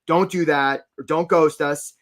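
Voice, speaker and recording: Energetic man hosting a career webinar. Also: a little high, unhurried. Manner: energetic, jumpy, talks to chat viewers. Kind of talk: live webinar presentation.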